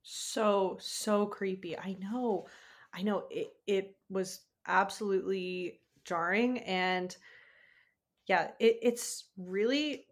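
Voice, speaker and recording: A woman co-hosting a podcast, chatting casually with wry, deadpan sarcasm and frequent laughs. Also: mid-range voice, slow. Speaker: podcast co-host. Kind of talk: casual chat.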